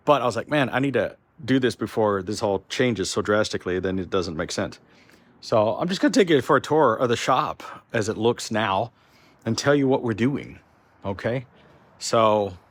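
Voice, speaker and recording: Rambling, annoyed man giving a shop tour. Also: mid-range voice. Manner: rambling, frustrated, restarts a lot. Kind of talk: casual vlog walkthrough. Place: large warehouse workshop.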